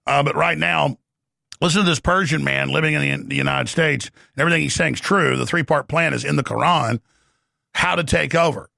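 A middle-aged man hosting a talk show, delivering a forceful, rapid, ranting monologue from a studio. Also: a little high, gravelly, dry recording. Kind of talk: impassioned talk radio monologue.

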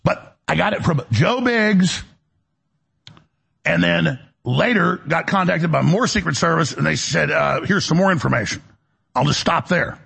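A middle-aged man with a gravelly, raspy voice, hosting a heated, digressive political monologue. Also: a little high, animated, a little slow, fairly bright tone. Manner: angry ranting, digressive, voice swings up when worked up. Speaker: talk show host.

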